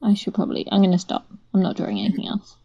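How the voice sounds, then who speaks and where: A woman's voice: mid-range voice, big pitch swings, very fast, mellow, muffled recording. A woman chatting as a guest artist while drawing, laughing and a little self-conscious. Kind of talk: casual chat while drawing.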